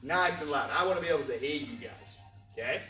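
A man's voice: a little high, fairly quick, pushed and bright. A man teaching a kids' martial arts class to camera, upbeat and encouraging, explaining each step while demonstrating the moves. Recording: echoey room, from far off, faint music.

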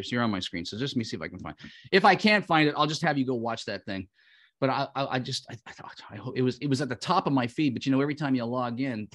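A man with a mid-range voice hosts and leads a livestreamed prayer show, loudly and fervently proclaiming decrees before slipping into casual chat. He's heard through his own microphone on a video call.

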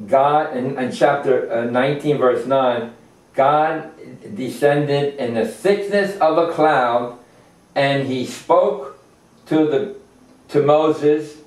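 An older man giving an informal Torah lesson, halting often with fillers and restarts as he explains verses. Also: mid-range voice, a little mellow. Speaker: Torah teacher. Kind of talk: informal religious lecture. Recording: echoey room, distant mic.

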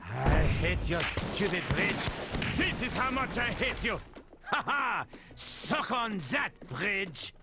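A gravelly soldier in a game, slow and manic. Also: male voice, high-pitched, big pitch swings, over loud music, heavily acted. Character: unhinged shouting French soldier man. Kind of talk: video game voice acting.

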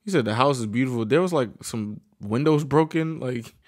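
A woman's voice: very deep voice, fairly quick, a little mellow. A woman reacting casually to a film recap, blunt and swearing freely. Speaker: co-viewer reacting.

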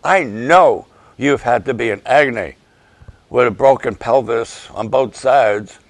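An older man, a pastor, giving an emotional, halting update and prayers for his ministry partners. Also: medium pitch, dry recording. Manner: emotional, halting, slow and gravelly.

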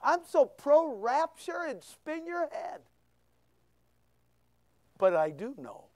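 A man preaching a sermon as pastor, full of rhetorical questions, swinging between loud bursts and hushed asides. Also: extremely high pitch, sing-song, takes it slowly, no room sound. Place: church.

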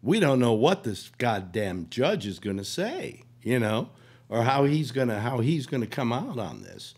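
Older guy with a cold, hoarse, rambles on, voice goes up and down a lot. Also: medium pitch, sing-song, unhurried, a little mellow. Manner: rambling, full of restarts and "you know". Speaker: radio talk host. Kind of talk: rambling casual talk.

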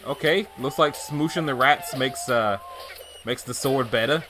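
A man giving casual gameplay commentary, chatty and animated, thinking aloud as he plays. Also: medium pitch, measured pace, noisy background. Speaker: let's play gamer.

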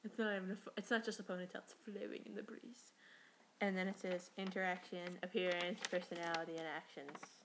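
A woman's voice: fairly low pitch, flat delivery, brisk, noisy background. A teenage girl from New York talking casually in a rambling, chatty way, swearing now and then. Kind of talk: casual voice meme monologue.

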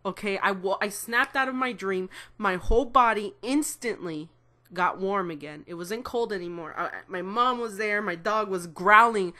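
A woman's voice: mid-range voice, normal speed, pushed and bright. Woman, 20s, casual vlog storytelling, rambling, self-correcting, swearing. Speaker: vlogger.

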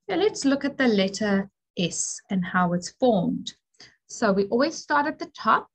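A woman teacher giving an early literacy lesson to young children, speaking clearly and encouragingly with call-and-response prompts. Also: on the high side, rough recording.

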